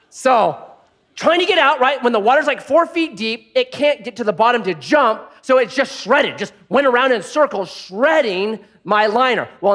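A male pastor giving a sermon, telling stories with humor and dropping soft for prayerful points. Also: sits high. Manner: animated storytelling with jokes.

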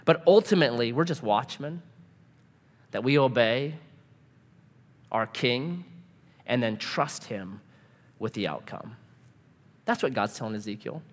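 A man's voice: mid-range voice, lively intonation, a little slow, long pauses. A man preaching a sermon, telling a personal story and acting out the dialogue with laughs. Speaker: pastor. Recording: long hall reverb.

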